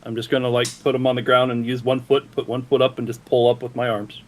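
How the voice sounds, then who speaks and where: A man playing a tabletop game on a stream, deliberate and careful about the rules. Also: mid-range voice, level tone, slight background noise. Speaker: player.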